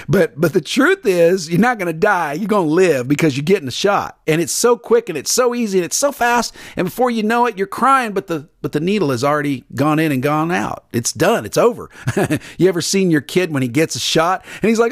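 A man's voice: high-pitched, lively intonation, normal speed, dry recording, studio quality. A middle-aged man, preaching an earnest, repetitive devotional sermon on his podcast and acting out panicked voices. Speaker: pastor podcast host.

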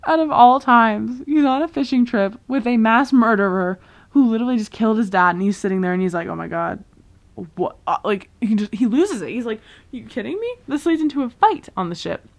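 A young woman casually recapping a TV season, chatty and full of fillers, quickly acting out the characters' lines as she goes. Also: on the high side, animated. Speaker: vlogger recapping a TV show.

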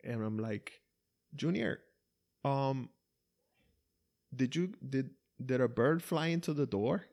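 Laughing man telling stories, gravelly voice. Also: medium pitch, measured pace, darkish tone. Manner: laughing storyteller, acts out quotes with swearing. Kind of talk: casual chat.

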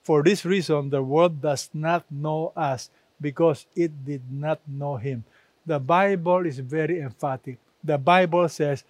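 Slow, emphatic male preacher. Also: on the high side, no room sound. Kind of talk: sermon.

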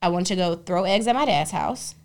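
A young adult woman co-hosting a podcast, telling stories in a lively, profane, casual way. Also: fairly low pitch, a little fast. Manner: animated, profane storytelling. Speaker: podcast co-host. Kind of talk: casual chat.

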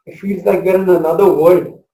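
Man, 40s, from India, pastor; high mellow voice, dynamic sermon delivery, echoey room. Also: steady tone, normal speed. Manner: passionate, swings between loud proclamation and soft hush.

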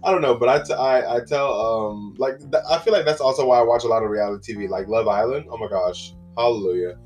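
A man's voice: medium pitch, fast talker, a little mellow, soft background music. A man hosting a casual solo podcast, rambling and chatty with lots of fillers and exclamations. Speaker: podcast host.

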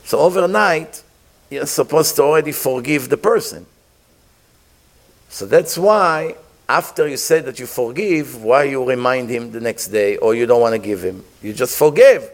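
A man with a mid-range voice leads a Torah class at a normal speed, his intonation lively. He poses rhetorical questions to the group and blends Hebrew words into his English.

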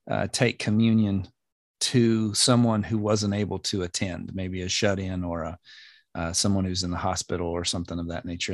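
A man's voice: fairly low pitch, no echo, clean studio sound. A man who is a pastor, talking in a casual podcast chat with a thoughtful, hesitant manner.

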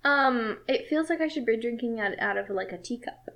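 Playful woman co-host, slightly high voice. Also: animated, moderate pace, fairly bright tone. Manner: playful, chatty. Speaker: podcast co-host. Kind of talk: casual chat over drinks.

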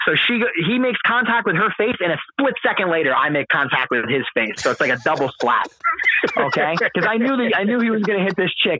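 Animated, profane man telling a story. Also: sits high, a little fast. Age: late 20s or older. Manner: animated, profane, lots of fillers. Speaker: podcast guest telling a story. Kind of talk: casual storytelling. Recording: husky voice over a dry, phone-like line.

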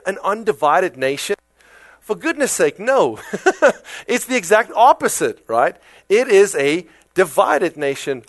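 A man with a South African accent preaching a sermon in a conversational, animated way, full of rhetorical questions. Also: sits high, no echo. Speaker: pastor.

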